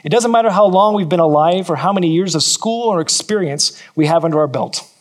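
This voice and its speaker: A man's voice: sits high, a little fast. A man from California, preaching a sermon to a church and repeating key phrases for emphasis. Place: church in New Zealand.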